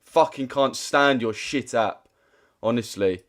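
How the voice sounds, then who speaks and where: A man with hosts a live trading stream. He talks to his chat bluntly and swears freely. His speech comes in quick bursts that he often restarts. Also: mid-range voice, a bit bright. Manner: blunt, slangy, heavy swearing. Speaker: trading livestreamer. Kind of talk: casual livestream chat to viewers.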